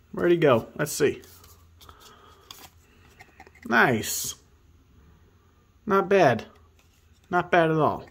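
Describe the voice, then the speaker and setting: A man hosting a casual pack-opening video, excitably reading card names aloud and hyping himself up. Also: fairly high pitch. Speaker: host opening card packs.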